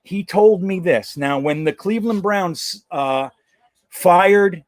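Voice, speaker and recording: Higher-voiced guy ranting on a stream. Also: takes it slowly, no echo. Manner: rambling, profane, jokey. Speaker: live stream host. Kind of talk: casual live-stream chat about football.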